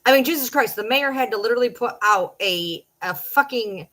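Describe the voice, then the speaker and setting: A social media personality in her forties or so, from Michigan's Detroit downriver area, talks to her late-night livestream audience in a Michigan accent, blunt and full of swearing. Her slightly high voice is expressive, brisk and fairly bright, though the audio is poor.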